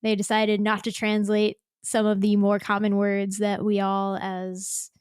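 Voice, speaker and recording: Woman, podcast host, casual chat, laughs often, acts out quotes, mid pitch, dry close sound. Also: monotone, a little slow, a little mellow, clean tone, dry recording.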